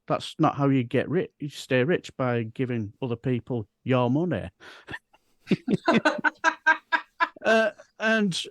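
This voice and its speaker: Bradford man, mid-pitched, dry close mic, rambling casual talk. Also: no echo. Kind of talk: casual political chat.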